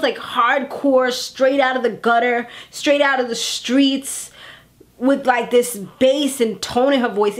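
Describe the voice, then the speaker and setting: A woman in her thirties casually recapping a TV episode in a chatty, animated way, acting out characters' lines as she goes. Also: on the high side. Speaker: TV recap vlogger. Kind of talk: casual chat.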